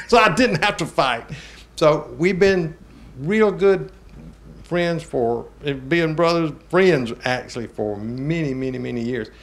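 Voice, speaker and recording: An older man from Georgia, hosting a talk show and telling a family story in a folksy, animated way with chuckles. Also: fairly high pitch, slow pace. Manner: animated, chuckling, drawling Southern speech.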